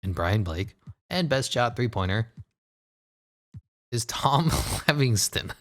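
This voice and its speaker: A man giving casual, excitable commentary over a basketball video game, joking, laughing and swearing as he plays. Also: medium pitch, slow pace. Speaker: gaming commentator.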